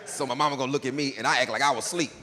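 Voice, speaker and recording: A male stand-up comedian telling stories in a jail, animated and jumping up into excited shouts. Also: medium pitch, racing. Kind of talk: stand-up storytelling. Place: jail, large hard room. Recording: long hall reverb, faint noise.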